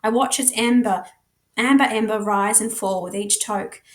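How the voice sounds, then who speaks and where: A woman with an Australian accent, a teacher reading a novel aloud with dramatic, expressive narration. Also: medium pitch, normal speed. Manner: dramatic, shifts voice and pace for characters.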